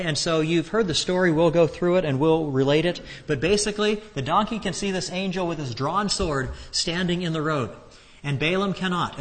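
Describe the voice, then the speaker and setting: A man's voice: a little high, fairly bright tone, long reverb tail. A man giving a conversational, earnest Bible teaching, reading verses aloud and explaining them with frequent restarts.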